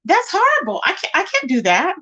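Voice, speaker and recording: Woman livestream host, high voice, chatty and emphatic, reads comments and greets viewers. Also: wildly swooping pitch, brisk, pushed and bright. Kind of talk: casual livestream chat.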